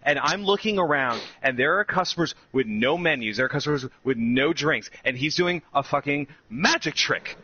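With a husky, fairly high voice, this man recounts a story at a moderate pace with few pauses. He's casual and animated, laughing often and voicing what customers and others said. Faint background noise sits under slightly dull, lo-fi sound.

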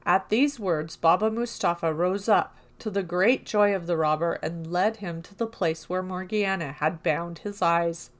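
Female storyteller, calm even read-aloud of a classic tale. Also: lowish voice, unhurried, few pauses. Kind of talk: storybook narration.

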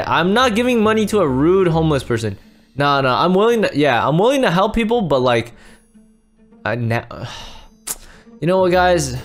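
A man hosting a casual game roleplay as a dad, excitable and rambling, full of exclamations. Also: on the high side. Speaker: roleplay host playing a dad.

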